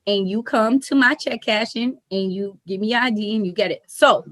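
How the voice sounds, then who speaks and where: A young woman, co-hosting a podcast and telling stories in an animated, profane way with frequent laughter. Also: mid-range voice, moderate pace, no room sound. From New York. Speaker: podcast co-host. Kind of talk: casual chat, storytelling.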